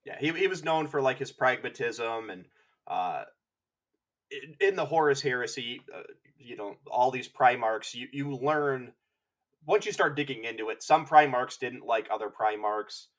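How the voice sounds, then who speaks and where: Bright-voiced wry male podcast host. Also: mid-range voice, normal speed. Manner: rambling with restarts, wry. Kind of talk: casual chat.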